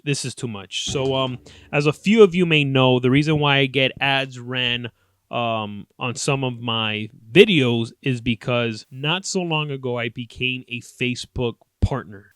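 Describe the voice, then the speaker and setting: A man's voice: mid-range voice, no echo. Profane, laughing young man. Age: 20s. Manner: profane, animated, laughs often. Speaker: podcast host. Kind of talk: casual storytelling podcast.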